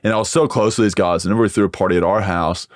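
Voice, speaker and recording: A young American podcast host with an accent mixing American and Australian tells stories in a laid-back, loose chat packed with fillers. His voice is low-pitched with fairly even intonation, and he races along; the studio sound is clean with no echo.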